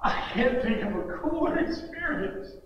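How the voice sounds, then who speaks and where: A man preaching a sermon as pastor, blunt and impassioned, rising to shouts at times. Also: very high voice, expressive, a little slow, dull audio. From United States. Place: church sanctuary. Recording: echoey church hall, mic far off, faint noise.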